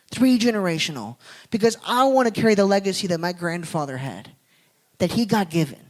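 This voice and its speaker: Man with a higher voice telling a heartfelt story. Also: rough recording. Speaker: guest speaker. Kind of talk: sermon storytelling. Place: church.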